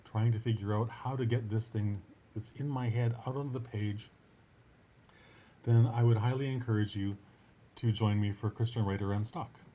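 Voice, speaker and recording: Slight background noise sits under a warm, mid-range male voice. He's a writing coach running his own podcast, offering a casual pep-talk monologue that's earnest and encouraging, punctuated by restarted sentences and upbeat asides.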